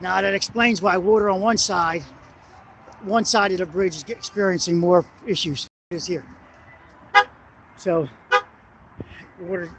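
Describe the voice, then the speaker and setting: A man with a high voice talks through the engineering of a bridge as he walks it at night, recording on a handheld camera. He rambles, hesitates, and swears when something annoys him. Wind and passing traffic come through loudly behind him. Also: fairly even intonation, measured pace, pauses often. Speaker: construction engineering vlogger. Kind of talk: walking on-site explanation. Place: outdoors on a city bridge at night. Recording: noisy outdoor wind and traffic.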